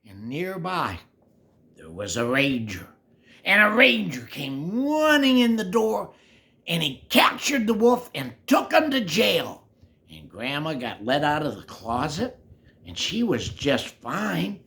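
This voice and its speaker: An older man telling a children's story, animated and playful, dropping into whispery asides. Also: on the high side, slow pace.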